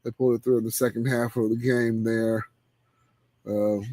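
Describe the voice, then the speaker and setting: A man hosting a live cigar show in casual chat, laid-back and laughing, trailing off into low murmurs. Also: level tone, moderate pace, dark tone, no room sound.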